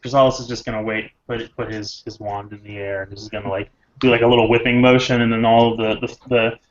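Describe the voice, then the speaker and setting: Rambling low-voiced male player. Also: level tone. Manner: rambling, halting restarts. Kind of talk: describing a character's actions. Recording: dull lo-fi audio.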